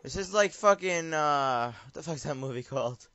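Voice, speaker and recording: A young man casually commenting on gameplay with a friend, excitable and swearing, often screaming at the game. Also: a little high, moderate pace, lo-fi sound. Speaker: gamer.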